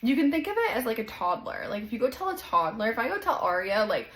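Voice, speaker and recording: A woman hosting a casual self-help podcast, talking in a gentle, encouraging way and saying "like" often. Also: on the high side, sing-song, quick pace, reverberant, low-quality recording. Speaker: podcast host.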